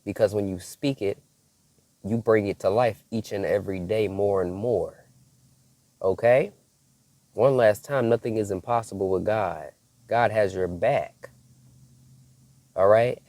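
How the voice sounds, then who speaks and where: A man's voice: fairly low pitch, unhurried, long pauses, a little mellow, no echo. A man giving a devotional message to his viewers as a prophetic preacher, emphatic, repeating key phrases and checking in with "okay?".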